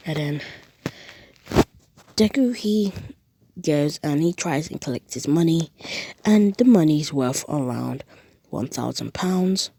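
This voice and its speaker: A young woman retelling a fan story casually, rambling and animated. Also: low-pitched, takes it slowly, creaky, long pauses, slightly rough, dry recording. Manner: rambling, animated, lots of restarts and acted quotes.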